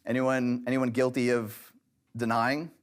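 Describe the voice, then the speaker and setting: A man's voice: mid-range voice, level tone, a little slow, smooth. A man leading a church relationship class, speaking in a direct, conversational and lightly humorous way. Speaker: pastor teaching a relationship class. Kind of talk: church teaching video.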